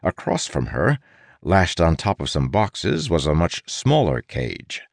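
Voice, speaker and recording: A man's voice: sits low, wildly swooping pitch, a little slow, creaky, no room sound. A man narrating an audiobook with wry, playful asides. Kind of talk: scripted narration.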